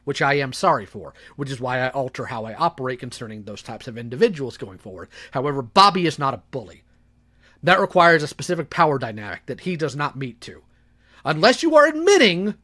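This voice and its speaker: A man giving casual, sarcastic commentary as a YouTuber, talking while he clicks through files. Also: on the high side. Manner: sarcastic, lively, talks while working the computer.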